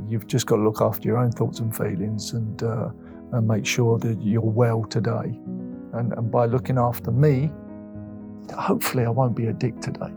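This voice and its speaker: A man's voice: medium pitch, gravelly. A man in his fifties from England, speaking candidly and emotionally as an interview guest, acting out past conversations as he tells his story. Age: 50s. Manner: emotional, open storytelling with lively retold dialogue.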